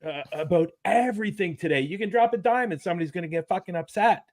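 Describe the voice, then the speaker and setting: A man's voice: high-pitched, fast talker, darkish tone. A man hosting a casual podcast chat, agreeable and laughing along with his guest. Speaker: podcast host.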